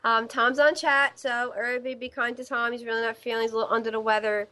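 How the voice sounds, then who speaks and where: A woman's voice: on the high side, level tone, fast talker, pushed and bright. A woman hosting a live call-in psychic show, talking in a rambling way with many fillers and restarts. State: stiff neck. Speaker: psychic medium show host.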